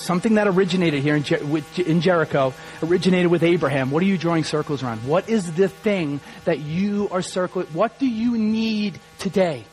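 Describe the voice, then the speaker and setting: A man preaching a sermon as pastor, animated and rising to shouts. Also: high-pitched, fairly quick, hardly any pauses, faint music behind, rough recording.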